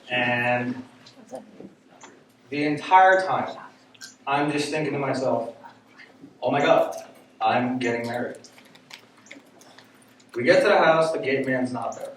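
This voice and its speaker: Slow, echoey man telling a story. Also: fairly high pitch. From United States. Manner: animated, laughs often while telling. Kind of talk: live stage storytelling. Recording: very echoey room, distant mic, faint noise.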